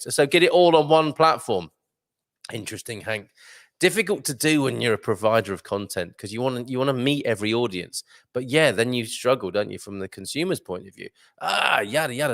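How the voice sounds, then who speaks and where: Broadcasting live from a resort venue, a man hosts a breakfast show and reads out viewer comments, chatting casually and joking with lots of ums and uhs. His medium-pitched voice is studio quality with no echo.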